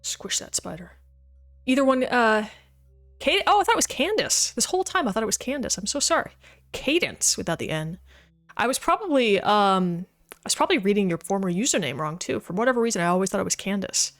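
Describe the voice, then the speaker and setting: A woman's voice: mid-range voice, sing-song, fairly quick, a bit bright. A woman streaming a video game, chatting casually with her viewers as she plays and often laughing. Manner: chatty, talks to chat while playing, laughs often. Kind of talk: casual livestream gaming chat.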